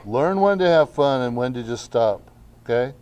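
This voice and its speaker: A man's voice: mid-range voice, lively intonation, noisy background. A male teacher giving a class lesson in a casual way, often checking in with "okay". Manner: slow, casual, keeps saying okay. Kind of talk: classroom instruction.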